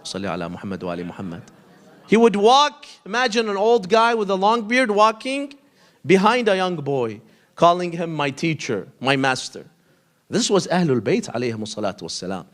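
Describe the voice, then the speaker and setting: A man telling a story in a sermon, animated, acting out the dialogue between the people in it. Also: sits high. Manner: animated storyteller, acts out dialogue in quoted voices. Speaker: preacher. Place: mosque hall.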